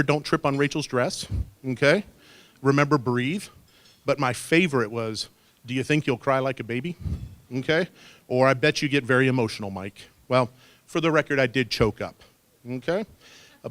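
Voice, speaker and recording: A man's voice: mid-range voice, a bit bright, no room sound. A man in his fifties giving a wedding toast as father of the bride, folksy and peppering his lines with "okay?", speaking into a handheld mic at a reception. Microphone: handheld microphone.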